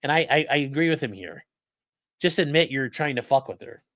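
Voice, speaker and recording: A man's voice: mid-range voice, expressive, fairly quick, a bit bright, dry recording, clean studio sound. A man streaming live, reading out a deposition and reacting to his chat with sarcastic, profane remarks.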